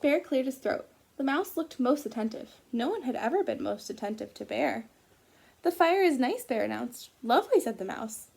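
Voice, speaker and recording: A woman teacher reading a picture book aloud to children, gently pausing to ask them questions about the story. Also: fairly high pitch, creaky, slightly rough. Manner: gentle, asks children questions as she reads.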